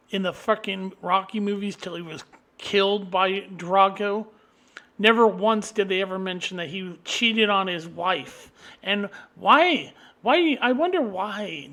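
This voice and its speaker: A man delivering an angry, profane solo rant, combative and swinging into loud outbursts. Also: high-pitched. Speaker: vlogger.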